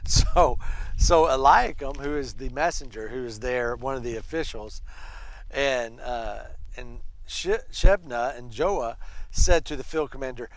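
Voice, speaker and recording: A man leading a casual Bible study, retelling scripture in an animated, conversational way. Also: medium pitch, a little slow, dry recording, low-quality recording.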